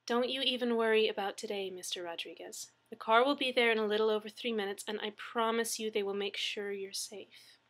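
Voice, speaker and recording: A woman's voice: fairly high pitch, fairly even intonation, fairly quick, a bit bright, lightly acted. A woman voicing a friendly female emergency dispatcher who talks in a chatty, reassuring way in an audiobook reading.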